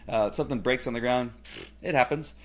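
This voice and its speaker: A middle-aged man giving a casual personal testimonial, rambling with many fillers and restarts and growing animated when he retells family scenes. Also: medium pitch, brisk. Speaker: testimonial speaker.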